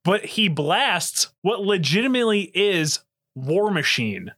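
A man hosting a podcast, chatting casually with loud, profane, rambling asides. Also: high voice, lively intonation, a little slow. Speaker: podcast host.

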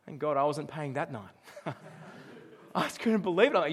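A middle-aged man with a high, light voice preaches to a congregation. His manner is chatty and anecdotal, and he stops now and then to put questions to his listeners. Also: lively intonation, normal speed, husky. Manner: conversational, storytelling, asks the congregation questions. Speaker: pastor. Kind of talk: sermon.

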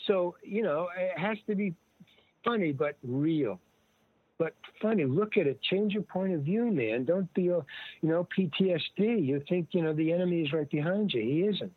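An older man, an interview guest, telling stories in a rambling, casual way, full of restarts and lively retold dialogue. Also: fairly high pitch, moderate pace, husky, no room sound. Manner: rambling, with many restarts and animated retelling of dialogue. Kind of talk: casual storytelling. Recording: dry, tinny phone-like line.

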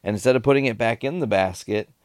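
A man's voice: mid-range voice, fast talker, dry recording, clean studio sound. A man in casual chat, telling stories with a lot of swearing and laughter. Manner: swearing, animated storyteller with laughs.

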